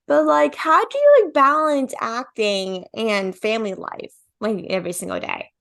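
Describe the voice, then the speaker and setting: A woman's voice: a little high, very animated, normal speed, creaky, few pauses, a bit bright. A young woman, a podcast host, chatting casually and saying "like" again and again. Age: young adult. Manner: chatty, says "like" constantly. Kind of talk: casual interview chat.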